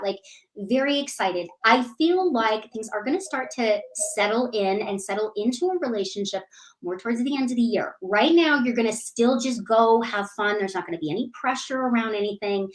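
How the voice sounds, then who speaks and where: A woman giving a live psychic reading, animated and affectionate, calling listeners sweetie and honey. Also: on the high side, low-quality recording. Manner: animated, bubbly, laughs often. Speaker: psychic reader.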